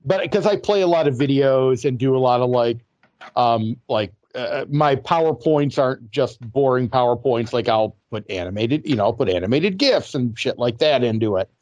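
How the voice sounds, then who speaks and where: A man co-hosting a casual podcast, talking in an animated way with stammered restarts and exasperated emphasis. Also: mid-range voice, moderate pace, no echo, muffled recording. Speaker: podcast co-host.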